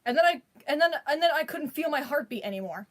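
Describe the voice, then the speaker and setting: A woman's voice: high voice, lively intonation, fast. A woman vlogger telling a personal story in a rambling, slangy way, full of restarts and bursts of laughter. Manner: breaks into laughter while telling it. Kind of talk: casual storytelling.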